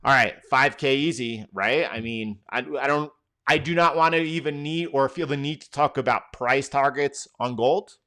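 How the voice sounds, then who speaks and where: A man with a New York accent hosting a live market livestream, talking through charts in quick bursts with frequent restarts and repeated words. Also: medium pitch, sharp tone. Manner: fast, repetitive, with many restarts. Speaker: trading livestream host.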